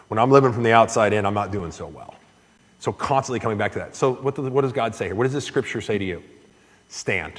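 A man preaching a sermon as pastor, earnest, his voice rising and growing louder when he stresses a point. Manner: earnest, surges louder and higher on key points. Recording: echoey hall with long reverb.

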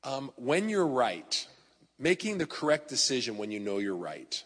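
A man's voice: mid-range voice, big pitch swings, normal speed, husky. A male pastor preaching a sermon in a conversational, storytelling way, talking straight to his congregation. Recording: long hall reverb.

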